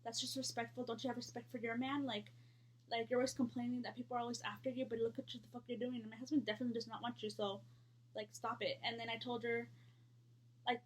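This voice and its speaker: A woman's voice: on the high side, level tone, fast, slight background noise. A woman in her thirties telling a storytime vlog in a blunt, heated, profane way.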